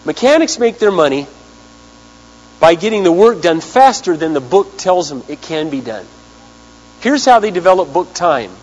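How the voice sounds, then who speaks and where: Animated preacher in a reverberant hall. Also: male voice, sits high, normal speed. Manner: animated storyteller, acts out quotes, big swings in loudness. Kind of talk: sermon storytelling. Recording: hum with long hall reverb.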